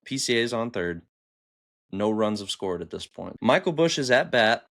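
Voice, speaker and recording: A man with a lowish voice runs through a baseball game for his podcast, excited and animated as he retells each play. He talks casually, jumping from point to point. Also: normal speed, gravelly. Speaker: podcast host. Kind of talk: casual sports recap. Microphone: camera on upper body, desk mic.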